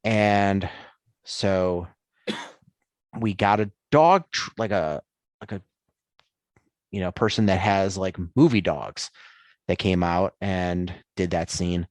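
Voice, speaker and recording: A man's voice: low-pitched, slow pace, pauses often, dry recording. A man co-hosting a sports podcast in casual chat, easygoing and hesitant, with many ums. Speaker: podcast co-host.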